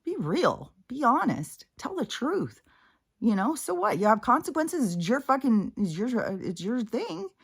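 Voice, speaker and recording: A woman's voice: fairly high pitch, sing-song, unhurried, slightly rough. A middle-aged woman in a casual personal monologue, blunt and profane, rambling through a story. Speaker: spiritual vlogger.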